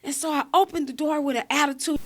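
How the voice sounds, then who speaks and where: A woman's voice: high voice, fairly even intonation, fast, a little hiss or hum. A woman guest telling a personal story in an interview, acting out the scenes as she goes. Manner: vivid storyteller acting out scenes, voice rising and falling.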